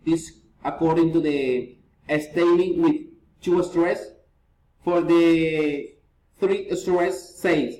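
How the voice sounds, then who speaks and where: A man with a Spanish accent slowly reading English pronunciation drills aloud, word by word, with small slips. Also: sits high, darkish tone. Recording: echoey room with faint ambient noise.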